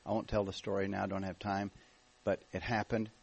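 An American man speaking as a guest minister at a church meeting, telling his story in a relaxed, joking way. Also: on the low side, brisk, vocal fry, slightly rough, rough recording. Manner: jokey, relaxed storytelling with restarts. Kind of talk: church talk, testimony.

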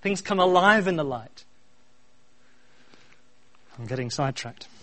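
A middle-aged man preaching a sermon, swinging from quiet asides to loud, repeated refrains. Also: fairly high pitch, lively intonation, a little slow. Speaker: pastor.

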